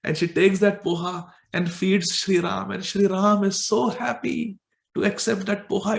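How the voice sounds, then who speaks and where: A man's voice: high-pitched, flat delivery, measured pace, creaky. A man telling a devotional scripture story in a vivid, emotional way, with asides to his listeners. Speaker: storyteller and preacher. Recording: echoey room.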